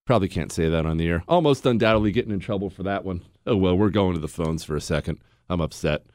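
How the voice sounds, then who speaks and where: A man hosting a talk radio show, indignant and swinging between loud outbursts and low mutters into a studio microphone. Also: fast talker, no room sound.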